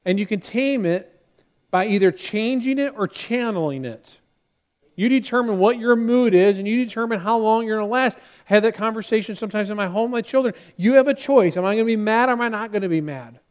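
High-voiced man preaching a sermon. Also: a little fast. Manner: animated preaching, acting out quoted voices. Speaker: pastor.

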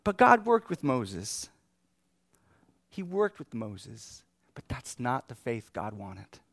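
A man preaching a sermon in an animated, lively way, often laughing and acting out the scripture he talks about. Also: medium pitch, takes it slowly, dry recording, studio quality. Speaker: pastor.

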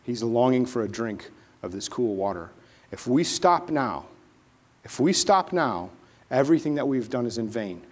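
Man playing a calm young soldier, low and hushed, rallying his brothers in a storytelling sermon. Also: normal speed, lightly acted. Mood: earnest. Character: steady young soldier brother, earnest encourager.

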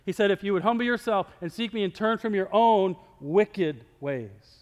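A man preaching a sermon as pastor, talking conversationally and swinging between loud emphasis and near-whispers. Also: high-pitched, expressive, moderate pace, long reverb tail, dull audio. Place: church sanctuary.

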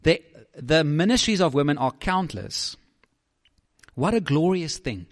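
A man's voice: on the high side, very animated, unhurried, long reverb tail. A man preaching a sermon as a pastor, emphatic, often putting questions to the listeners.

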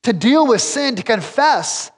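Pastor guy preaching, chatty and direct, voice on the high side, long church echo. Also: big pitch swings, measured pace, husky. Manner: conversational, direct, emphatic. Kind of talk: sermon. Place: church sanctuary.

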